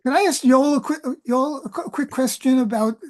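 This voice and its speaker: A woman lecturer in an academic discussion, talking in halting phrases with many restarts. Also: sits high.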